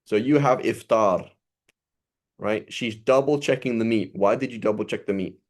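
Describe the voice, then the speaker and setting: Man, low voice, casual religious talk, conversational, keeps asking "right?". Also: moderate pace. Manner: conversational, repeats "right?" often. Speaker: religious teacher. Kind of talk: informal sermon.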